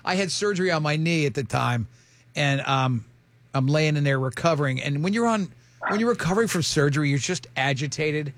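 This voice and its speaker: A man in his fifties chats casually as a host, his voice gravelly and a touch higher than most men's. He rambles through stories, restarting sentences and laughing easily. His tone has a rough, grainy edge throughout. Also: expressive, a little fast, a bit bright. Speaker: radio show host talking about his marriage. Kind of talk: casual chat.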